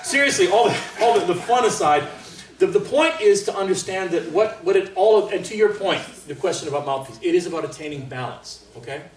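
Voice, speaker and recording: A man from Canada leading a trumpet master class in a casual, joking way, with boastful asides and sudden loud exclamations. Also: high voice, animated, brisk, a little hiss or hum. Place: large room with an audience. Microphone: distant microphone. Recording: roomy, distant sound.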